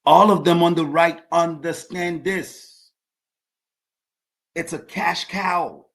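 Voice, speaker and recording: A man's voice: a little high, fairly even intonation, slow, a bit bright. A man hosting his own podcast, delivering an emphatic opinion monologue and repeating words as he builds his points. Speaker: podcast host.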